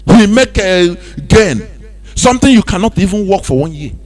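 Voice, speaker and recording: Nigerian man, radio host, lively up-and-down pitch, animated talk with pidgin asides. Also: moderate pace.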